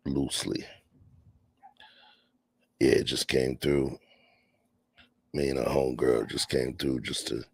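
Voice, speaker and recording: A man's voice: very deep voice, creaky, breathy edge, no room sound. A man hosting a casual late-night podcast, laid-back and slangy, talking from home. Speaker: podcast host. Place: home, near a patio door.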